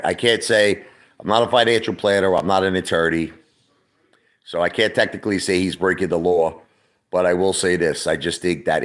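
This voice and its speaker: A middle-aged man from Brooklyn, rambling and swearing in a casual livestream chat, repeating himself as he talks. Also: deep voice. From Brooklyn, New York. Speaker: livestream host.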